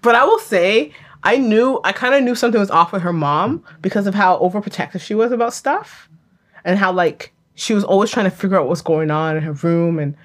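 A woman in casual conversation about a TV drama, animated and laughing often, acting out quotes. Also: mid-range voice, fairly quick.

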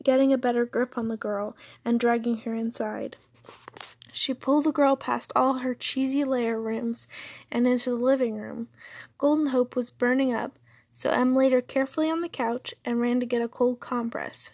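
A woman narrating a fan story aloud in a steady reading voice, husky and gravelly. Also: fairly high pitch, no room sound, clean studio sound.

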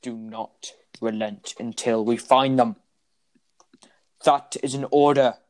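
A man voicing a calm male overlord addressing his council in a put-on robotic voice. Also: medium pitch, slow pace. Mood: grave. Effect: robotic voice, spoken.

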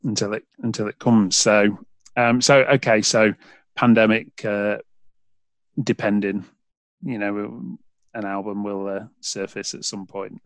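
A man's voice: fairly low pitch, flat delivery, unhurried, no echo. A British man hosting a podcast, rambling in casual chat with lots of fillers and restarts. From United Kingdom. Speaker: podcast host.

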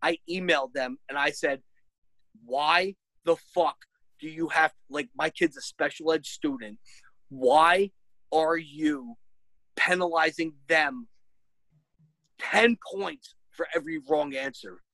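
Bright-voiced woman ranting with heavy profanity. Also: deep voice, takes it slowly, no room sound, poor audio. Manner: exasperated ranting, heavy swearing, laughs; rises to shrieking when worked up. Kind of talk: profane casual chat.

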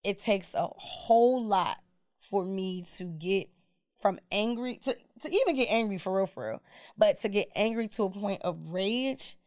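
A woman's voice: medium pitch, unhurried, no room sound, studio quality. A woman guest on a podcast, telling a personal story in casual, colloquial speech and acting out what people said. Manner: animated, colloquial storyteller who acts out dialogue.

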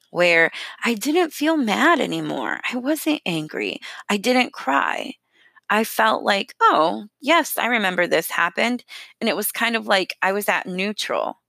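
Earnest woman, 30s, bright low-pitched voice, dry close mic, candid self-help chat. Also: no room sound. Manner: candid, self-deprecating, with restarts. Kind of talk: personal advice talk.

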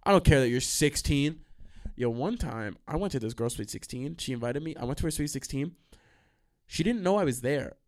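Animated young man rambling through stories. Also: medium pitch. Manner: animated, profane, trails into quick asides and restarts. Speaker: podcast host. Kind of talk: casual rambling storytelling.

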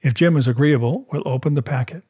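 A man voicing a calm, shrewd country doctor in a storybook reading, measured and dry, with a husky voice. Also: medium pitch, close to an everyday voice. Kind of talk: audiobook character voice.

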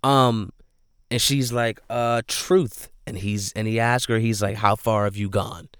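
A man's voice: fairly low pitch, steady tone, a little slow, fairly bright tone, clean tone, no echo, studio quality. A man casually recapping a movie scene by scene, rambling with lots of "like" and "you know", and speaking earnestly and emphatically about how it made him feel. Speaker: movie reviewer.

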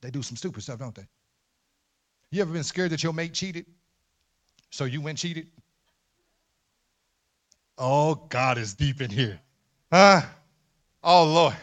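A man preaching a sermon as pastor in a church, emphatic, dropping to low murmurs and rising to loud shouts. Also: lively intonation, unhurried, long pauses. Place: church sanctuary.

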